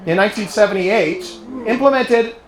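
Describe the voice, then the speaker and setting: A man's voice: high-pitched, moderate pace, slight background noise. British man giving a rousing club speech. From England. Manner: storytelling, rallying, quizzes the audience. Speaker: guest speaker. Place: private home, live audience. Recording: echoey room.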